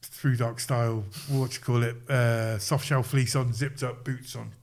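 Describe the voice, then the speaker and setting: Middle-aged male coach, podcast guest, mid-pitched voice, casual storyteller who voices his quotes. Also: measured pace. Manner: lively retelling, acts out quoted lines, chuckles.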